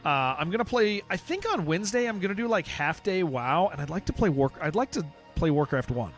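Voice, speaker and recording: Faint music plays behind a young man from San Diego as he streams a game and rambles in casual chat. His high-pitched voice moves briskly with big pitch swings and a Californian accent, and he keeps restarting his sentences and saying "dude."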